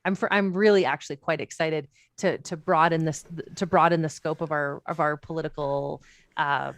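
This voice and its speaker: A woman's voice: deep voice, fairly even intonation, normal speed, no room sound. A woman, speaking as a political commentator on a panel in an impassioned, emphatic way full of rhetorical questions. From Canada. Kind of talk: panel discussion.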